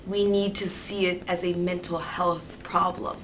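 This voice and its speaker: A woman vlogging candidly, rambling and swearing freely, turning lively when she mimics others. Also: lowish voice, measured pace, slight background noise, poor audio. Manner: animated, mimics voices in quotes. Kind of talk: candid personal vlog.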